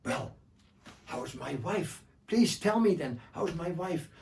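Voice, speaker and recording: A man doing a shrill, stingy desert nomad. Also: lively intonation, takes it slowly, creaky, darkish tone, slight background noise, heavily acted. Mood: eager pleading. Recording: distant mic.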